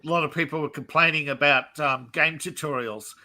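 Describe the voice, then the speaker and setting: A man's voice: on the high side, fairly even intonation, brisk, pushed and bright. A man on a casual livestream panel, opinionated and given to chuckling asides. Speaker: podcast co-host.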